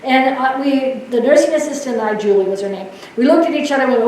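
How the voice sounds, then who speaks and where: A woman nurse giving a storytelling talk, lively and laughing, acting out voices. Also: high-pitched, fairly quick, few pauses, far from the mic, slight background noise. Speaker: nurse speaker. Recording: echoey hall, mic heard from afar.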